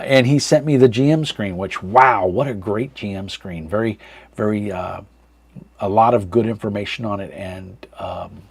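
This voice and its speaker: A livestream host in his thirties runs a casual live chat from a dark room at home. His voice is on the low side and slightly rough, with no room sound, and he rambles with lots of fillers while reading chat comments aloud.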